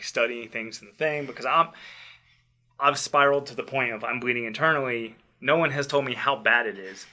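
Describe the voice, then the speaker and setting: A young man casually telling a personal story, acting out quotes and dropping quiet in tense moments. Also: medium pitch, fairly quick. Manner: animated, acts out quotes loudly then drops to quiet. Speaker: podcast host telling a story.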